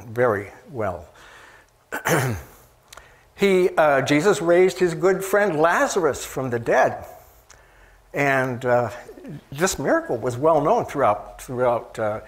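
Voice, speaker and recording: A man preaching a sermon in a conversational way, asking the listeners questions and often pausing with fillers and restarts. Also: on the high side.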